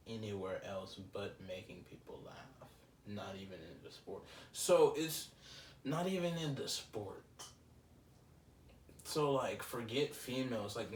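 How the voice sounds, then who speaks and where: A young man hosts a casual solo podcast in a low voice, rambling and reflective and leaning on fillers. He sits a bit back from the mic in a roomy space, with faint ambient noise underneath. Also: far from the mic. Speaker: podcast host.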